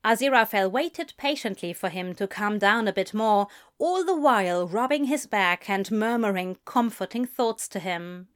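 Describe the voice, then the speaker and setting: A woman narrating a fan fiction story in a soft, gentle storytelling manner. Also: medium pitch, expressive, moderate pace, hardly any pauses. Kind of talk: audiobook fan fiction reading.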